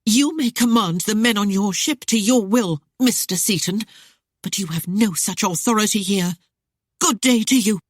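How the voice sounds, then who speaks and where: A woman voicing a spirited, sharp-tongued young noblewoman who teases and defies the man she argues with. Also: mid-range voice, sing-song, a little slow, dry recording, clean studio sound, voice pushed up. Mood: defiant teasing. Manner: teasing and defiant.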